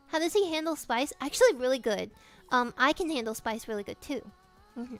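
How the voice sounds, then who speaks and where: A young woman's high, girlish voice chats freely with her stream audience. She giggles through her answers, swears often and reads viewer questions back aloud. Soft music plays faintly underneath. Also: a little fast. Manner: giggly and profane, reading chat questions aloud. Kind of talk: casual live-stream chat.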